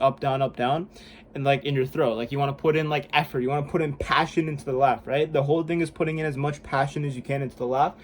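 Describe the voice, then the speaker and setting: Young guy rambling on his vlog, kinda high voice, says like a lot, faint hiss behind. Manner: rambling, heavy use of "like" and "bro", self-conscious. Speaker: vlogger. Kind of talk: casual self-help vlog. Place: room indoors at home.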